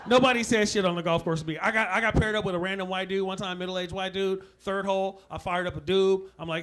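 A man's voice: high-pitched, fairly even intonation, quick pace, hardly any pauses, fairly bright tone. A man performing stand-up comedy with punchy, profane delivery, laughing at his own lines. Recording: noisy live recording.

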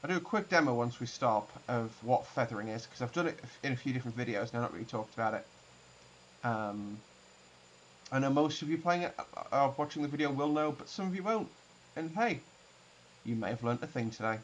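A young man streams a flight simulator session, chatting casually and rambling as he explains what he's doing. His medium-pitched voice is animated and fairly quick, and he laughs and restarts a lot. There's a little hiss or hum on the recording.

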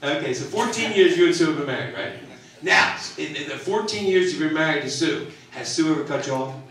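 High-voiced man doing stand-up in an echoey hall. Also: animated, fairly quick. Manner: chatty, self-mocking, teases the audience. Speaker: stand-up comedian. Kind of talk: live stand-up comedy. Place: large theater stage, live. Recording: echoey theater from far off with laughing crowd. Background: audience laughter.

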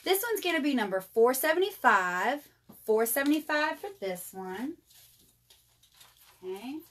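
A jewelry seller in her thirties talks through a live sales stream, calling everyone watching y'all. Her voice is high and very animated, fairly bright, and she takes her time.

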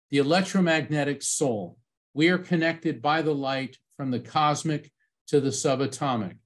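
A middle-aged man speaking as a medium at a conference, telling a personal story with lively acted-out moments. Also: medium pitch. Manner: animated storyteller, acts out quoted voices.

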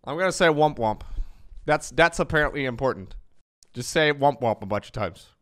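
A man chatting casually and jokingly on his live stream, animated and playful. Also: moderate pace. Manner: joking, animated, with playful high-pitched squeals.

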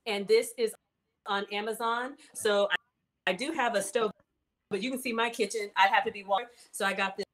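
A woman hosting a cooking video, giggly and excitable, often breaking off and restarting sentences. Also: mid-range voice. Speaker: cooking show host. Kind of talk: casual chat on a video call.

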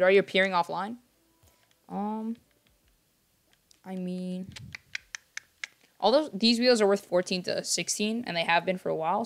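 High-pitched and gravelly, a young man chats with viewers while livestreaming a game. He's rambling and distracted, often apologizing, and sometimes talks quietly to keep the noise down.

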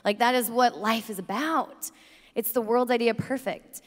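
A woman's voice: fairly high pitch, steady tone, normal speed. A young woman speaking at a youth conference, telling stories in a chatty way with lots of "like" and "you know". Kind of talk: energetic faith talk to a youth crowd. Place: large conference arena. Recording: long hall reverb from a large arena.

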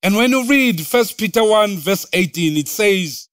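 A woman preaching a sermon, deliberate and repeating phrases for emphasis. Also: mid-range voice, lively intonation, no echo, studio quality.

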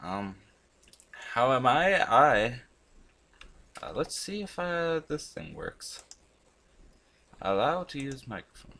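A man hosting a gaming channel, chatting casually and rambling as he plays, swearing often and breaking into sudden loud outbursts. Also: mid-range voice, sing-song, slow, long pauses. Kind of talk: casual commentary while playing a chatbot.

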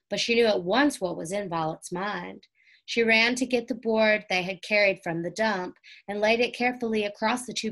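A woman's voice: medium pitch, fairly bright tone. Woman reading a children's story aloud. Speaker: reader. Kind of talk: storybook read-aloud narration.

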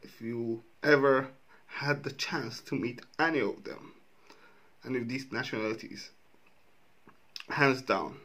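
A man's voice: mid-range voice, steady tone, a little slow, long pauses, a bit bright. A man in his twenties from the Arab world, reacting to a comedy clip with laughing, amused asides. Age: 20s. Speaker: reaction video host. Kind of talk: casual reaction commentary.

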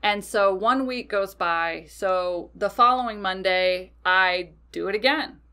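A woman's voice: medium pitch, takes it slowly, bright, forceful tone, clean tone. A woman hosting a podcast, telling a personal story casually and animatedly, swearing freely. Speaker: podcast host.

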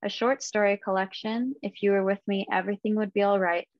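A woman's voice: medium pitch, fairly even intonation, a little fast, no echo. A woman hosts an online book launch, talking in a friendly, unscripted way with plenty of ums. The audio is dry and dull, like a lo-fi video call with no room sound. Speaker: event host.

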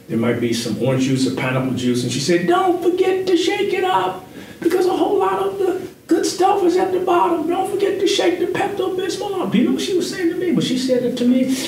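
A male pastor giving a devotional sermon, drawing out key words for emphasis and now and then jumping into a falsetto impression. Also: a little mellow, a little hiss or hum. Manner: preacherly, drawn-out emphasis with sudden falsetto impressions. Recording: echoey room, heard from a distance, faint ambience.

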